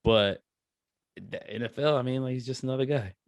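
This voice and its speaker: A young man co-hosting a casual podcast, joking around and laughing easily with quick asides. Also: mid-range voice, dry recording, studio quality. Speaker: podcast co-host.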